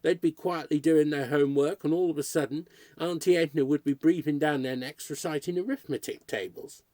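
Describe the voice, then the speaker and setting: A man reading a short story aloud as narrator, in a lively, expressive storytelling manner. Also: on the high side, fairly quick, no room sound.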